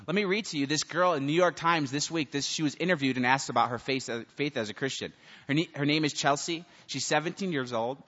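A man's voice: on the high side, fairly quick. A man preaching a sermon to teens as a youth pastor, acting out the people in his stories. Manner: animated storytelling, acts out the people in the story. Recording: muffled sound with long hall reverb.

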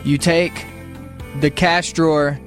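A woman's voice: low voice, fairly even intonation, slow pace, faint music behind. A woman co-hosting a morning radio show who delivers absurd jokes with a straight face. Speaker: radio co-host.

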